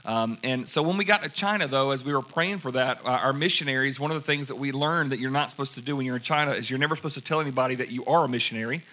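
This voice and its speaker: Animated preacher with bright voice. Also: male voice, medium pitch, very fast, few pauses. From United States. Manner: animated, acts out quoted dialogue. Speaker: pastor. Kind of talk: sermon storytelling.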